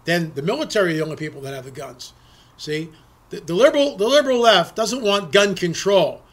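Emphatic high-voiced male political commentator. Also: lively intonation, brisk. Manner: emphatic, repeats words and restarts often. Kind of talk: opinionated political monologue.

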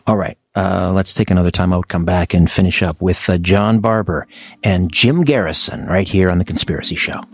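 A man hosting a radio talk show, reading announcements in a measured way. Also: deep voice, creaky.

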